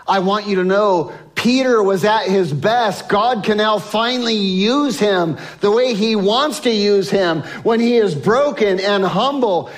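A male pastor preaching a sermon to his congregation on a microphone, swinging between loud emphasis and soft, slow lines. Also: high-pitched. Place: church sanctuary with congregation.

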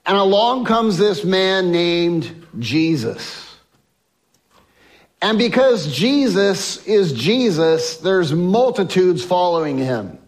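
A man preaching a sermon, telling a Bible story and acting out the voices of the people in it, dropping from loud to hushed. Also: high voice. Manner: swings from loud emphasis to soft hushed lines. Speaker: pastor.

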